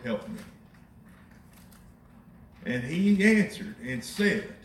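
A high-voiced man preaches a sermon in a lively, conversational way, tossing in wry asides. His voice swings widely in pitch. He is picked up from a distance in an echoey church, with faint room sound behind him. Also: slight background noise. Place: church sanctuary.

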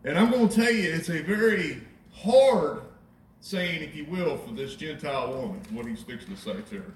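A man preaching a sermon in a conversational, animated way, with wry asides to the congregation. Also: on the high side, normal speed. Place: church sanctuary. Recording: echoey church from a distance.

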